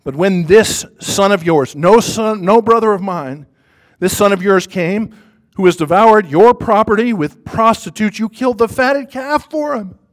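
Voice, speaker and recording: A man voicing an angry, resentful young older son in a parable, raising his high voice in complaint. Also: a little slow, rough recording. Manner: bitter, raised, complaining.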